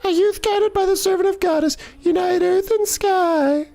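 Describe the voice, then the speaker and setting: A man putting on a high, solemn goddess voice, slow and drawn-out like a ceremony. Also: gravelly, warm tone.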